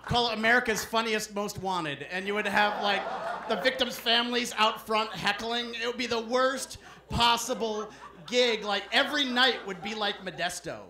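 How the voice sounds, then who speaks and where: A male stand-up comedian on a comedy club stage, delivering deadpan setups and punchy lines into a handheld mic. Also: sits high, normal speed, a crowd in the background. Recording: roomy club recording with background noise.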